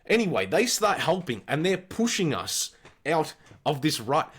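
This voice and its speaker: A man in his forties with an Australian accent, a podcast co-host telling wild childhood stories in a blunt, profane, animated way. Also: a little high, a little slow, slightly rough. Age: 40s. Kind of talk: casual storytelling.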